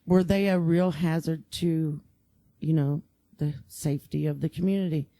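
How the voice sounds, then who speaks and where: A woman, an assistant police chief, speaking in a measured, thoughtful way in casual conversation as a podcast guest. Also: deep voice, steady tone, mellow, no room sound. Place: studio.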